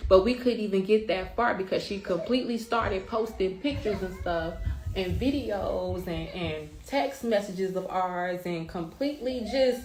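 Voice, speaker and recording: A woman's voice: medium pitch, measured pace, darkish tone, soft background music. A middle-aged woman speaking bluntly and with emphasis, often swearing, as a mother telling her side in a storytime rant. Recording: roomy echo.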